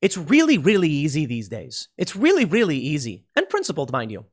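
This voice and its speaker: A man's voice: a little high, huge pitch swings, fairly quick, slightly rough. A man hosting a podcast, delivering an emphatic political commentary monologue with repeated phrases and frequent restarts. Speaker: podcast host.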